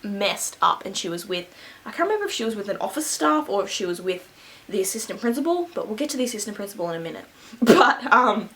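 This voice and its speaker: A woman's voice: mid-range voice, very animated, fast, a bit bright, a little hiss or hum, poor audio. A young adult woman vlogger telling a school story casually, rambling with lots of fillers and frequent laughs. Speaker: beauty vlogger.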